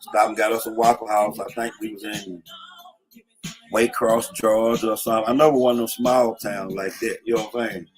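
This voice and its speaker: A man's voice: lowish voice, flat delivery, a little fast, faint music behind. A middle-aged man casually telling old street stories, slangy, often saying "you know what I'm saying". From Atlanta, USA. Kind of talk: casual storytelling. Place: in a car.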